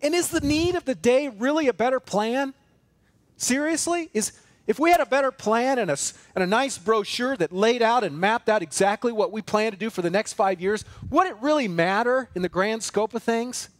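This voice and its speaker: A male pastor with a fairly high voice preaches a sermon in a church. He is earnest and emphatic, piling up repeated phrases and firing off rhetorical questions. The sound is close and dry, with little room echo. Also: animated, normal speed. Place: church sanctuary.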